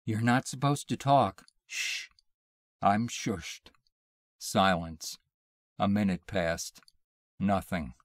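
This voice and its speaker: A man reading a short story aloud in a measured, deliberate storytelling manner. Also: deep voice, no echo, clean studio sound. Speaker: audiobook reader.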